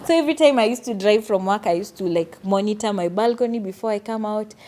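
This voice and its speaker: A young woman telling a personal story on her vlog in an earnest, animated way. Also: mid-range voice, fast, a little hiss or hum. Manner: earnest, animated retelling with quoted asides. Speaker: vlogger.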